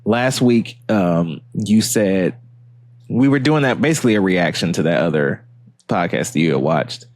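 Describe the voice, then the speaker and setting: A man's voice: low-pitched, animated, moderate pace, darkish tone, no echo, studio quality. A man co-hosting a podcast, chatting casually, joking and swearing with frequent laughs. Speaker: podcast co-host. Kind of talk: casual chat.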